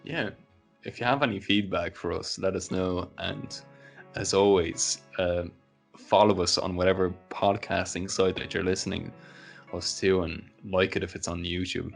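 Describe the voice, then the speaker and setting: A man's voice: deep voice, fairly even intonation, moderate pace, vocal fry, faint music behind. A man from Poland hosting a casual podcast chat, rambling with lots of fillers. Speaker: podcast host.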